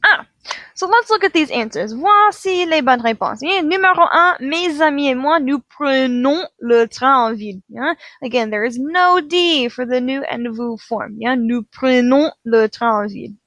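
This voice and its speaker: Woman French teacher, slightly high voice, patient drilling, dry close mic. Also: normal speed, fairly bright tone, no room sound. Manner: switches between French and English, drills with repeated prompts. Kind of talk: classroom grammar lesson.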